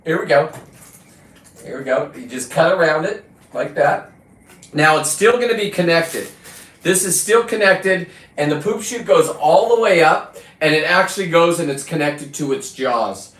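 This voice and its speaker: A man's voice: fairly high pitch, animated, moderate pace, a bit bright. A man casually chatting and joking as he cleans a lobster on a livestream. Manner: joking, rambling, laughs often. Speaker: fisherman vlogger. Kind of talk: casual livestream chat while processing a lobster. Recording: roomy distant audio.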